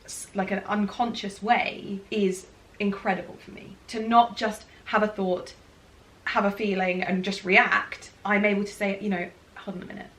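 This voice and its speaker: A woman guest and former client, speaking earnestly and reflectively with halting restarts. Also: mid-range voice, little pitch movement, a bit bright. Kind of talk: conversational interview. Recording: roomy sound, distant from mic.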